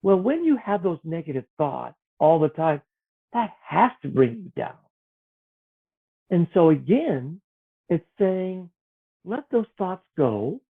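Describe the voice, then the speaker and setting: A man, an author, talking earnestly and gently about faith and self-worth, sometimes acting out the voices in his head. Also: a little high, big pitch swings, slow pace, gravelly, long pauses, slightly rough. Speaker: author guest. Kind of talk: reflective spiritual conversation. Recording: tinny phone-like line.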